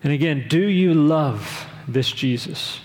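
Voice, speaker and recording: A middle-aged man preaching a sermon in an earnest, measured way, often asking his listeners direct questions. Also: a little high. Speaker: pastor. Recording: long reverb of a large hall.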